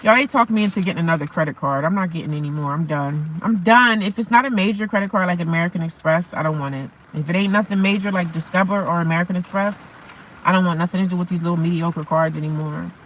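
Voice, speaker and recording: A woman's voice: fairly low pitch, fast talker, a little hiss or hum, low-quality recording. A woman vlogging casually from her parked car in the rain, chatty and repetitive, calling her viewers honey and baby. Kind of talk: casual chat to camera.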